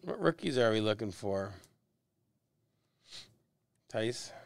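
A man's voice: on the low side, expressive, slow pace, gravelly, dry recording, studio quality. A man hosting a live card break, reading out players and teams in casual chat and joking about how names are pronounced. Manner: chatty, joking about name pronunciations.

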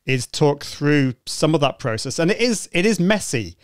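A man's voice: on the high side, big pitch swings, normal speed, smooth, no room sound, clean studio sound. A man with an English accent hosting a podcast interview, speaking in an encouraging, reflective way. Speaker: podcast host.

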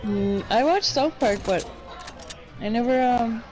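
A woman's voice: fairly high pitch, takes it slowly, darkish tone, soft background music. A young mother chatting casually while gaming, teasing and laughing a lot.

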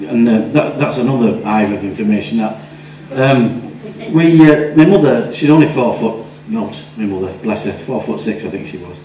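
A man's voice: fairly low pitch, animated, normal speed, hardly any pauses, mellow, reverberant, far from the mic, slight background noise, poor audio. A man telling a long rambling story on a chat show. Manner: rambling storyteller, voices people in his tales. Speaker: comedian guest. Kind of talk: chatty anecdote on a talk show.

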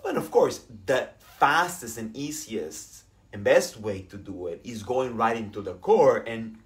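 A man with a Latin American Spanish accent, a spiritual coach chatting casually as co-host, animated and laughing often. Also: medium pitch, measured pace. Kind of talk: casual chat.

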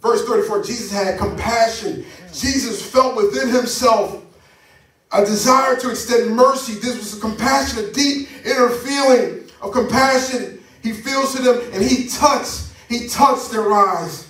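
A man's voice: extremely high pitch, measured pace, a bit bright. A man preaching a sermon as pastor, fervent and rhythmic, drawing call-and-response from the congregation. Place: church sanctuary. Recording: echoey church sound from a distance.

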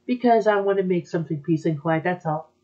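A woman voicing a laid-back adult female music teacher in a fan dub of an anime, with a low, drawling delivery. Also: a little fast, dark tone, highs cut off, lightly acted. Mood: lazy.

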